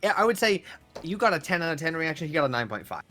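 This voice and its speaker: A man running a tabletop game as dungeon master, narrating in a rambling, animated way full of fillers. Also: fairly high pitch, fast talker.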